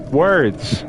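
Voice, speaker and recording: A man's voice: fairly high pitch, a little hiss or hum. A young man chatting casually while streaming a game, rambling and stumbling over words as he reads aloud. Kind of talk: casual gameplay commentary.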